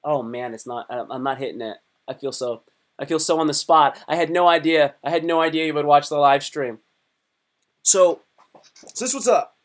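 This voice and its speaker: On a casual live stream, a male comedian rambles and repeats himself, lurching from loud bursts to low mutters. Every so often he slips into quick put-on voices.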